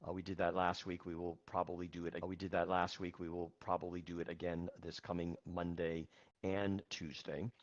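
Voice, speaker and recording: A man teaching an English class online, speaking in a patient, measured way with frequent fillers. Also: low voice, flat delivery, dull audio.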